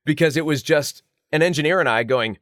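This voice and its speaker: A middle-aged male voice actor, a guest in a casual interview, telling animated, self-mocking stories with lots of fillers. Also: a little high, brisk, no echo, clean studio sound.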